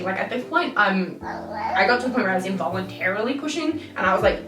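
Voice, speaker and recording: A woman's voice: mid-range voice, animated, a little fast, distant mic. A young woman vlogging a candid, rambling story in an exasperated storytime manner. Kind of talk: storytime vlog. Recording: roomy echo, off-mic, music behind.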